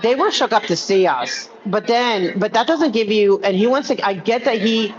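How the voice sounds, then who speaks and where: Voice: mid-range voice, expressive, moderate pace. A person chatting casually on a live stream, rambling with lots of "like" and restarts. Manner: rambling, many fillers and restarts. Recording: muffled with crowd chatter behind.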